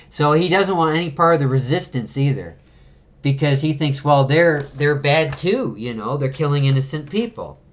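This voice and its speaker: A man's voice: fairly high pitch, animated, moderate pace. Chatty man reading a comic aloud. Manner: chatty, many fillers and restarts, chuckles. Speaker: comic book video host. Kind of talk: casual read-aloud comic review.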